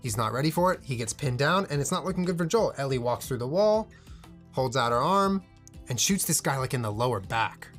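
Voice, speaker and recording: A young man talks through a show in a loose, casual reaction stream. His pitch sits mid-range and climbs when something excites him, and he swears freely between the fillers. Faint music plays underneath him. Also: brisk.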